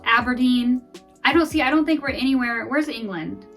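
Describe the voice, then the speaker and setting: Female vlogger, rambling and self-deprecating play-by-play, slightly high voice. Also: normal speed, a bit bright, far from the mic, soft background music. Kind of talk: casual gameplay commentary.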